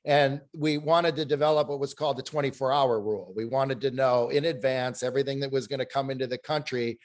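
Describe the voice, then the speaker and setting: A man's voice: medium pitch, fairly even intonation, a little fast. A man on a panel telling stories, acting out the people he quotes. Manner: storytelling, acts out quoted dialogue. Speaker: panel guest. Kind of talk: anecdotal panel discussion.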